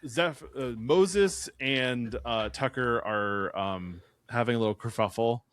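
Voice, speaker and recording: A man's voice: mid-range voice, slow pace, fairly bright tone, no echo. A man co-hosting a podcast, recapping a horror film plot in casual chat, with many ums and uhs. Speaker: podcast co-host.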